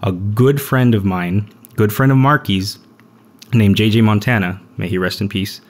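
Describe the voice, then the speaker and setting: A young man hosting a podcast, telling a story in a relaxed, rambling way with lots of fillers. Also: lowish voice, moderate pace. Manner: rambling, laid-back storyteller with frequent fillers. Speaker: podcast host. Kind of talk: casual storytelling chat.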